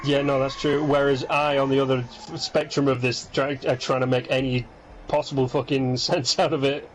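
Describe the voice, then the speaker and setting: A man co-hosting a casual gaming chat, sleepy and rambling, breaking off mid-sentence to act out quick impressions. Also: mid-range voice, low-quality recording. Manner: rambling, self-interrupting, animated impressions. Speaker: podcast co-host.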